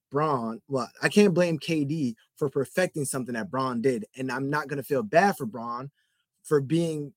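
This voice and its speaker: This podcast host is a young man whose voice sits a little high, recorded without echo. Alone on the mic, he goes off on a sports rant, rambling, getting fired up, and circling back over points with plenty of "like" and "bro."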